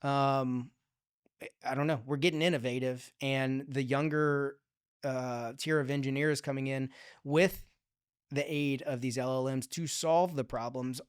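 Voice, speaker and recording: A man's voice: medium pitch, clear, resonant tone, dry recording, studio quality. A man talking as a podcast guest in a casual interview, thinking aloud in long upbeat trains of thought with many fillers and restarts. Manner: upbeat and forward-looking. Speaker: podcast guest, digital strategy manager.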